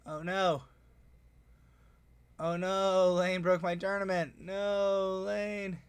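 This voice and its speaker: A man with a slightly raised speaking voice chats through a casual breakdown of his tournament games. He's excitable and rambling, tossing in quick asides. The sound is close and dry, with no room echo. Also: sits high, clear, resonant tone. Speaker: tournament organizer and player.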